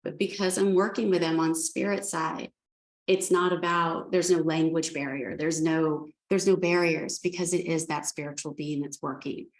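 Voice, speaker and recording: A woman's voice: low-pitched, fairly even intonation, normal speed. A woman speaking as an animal communicator, telling stories in a chatty way with lots of restarts. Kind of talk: spiritual talk. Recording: echoey room.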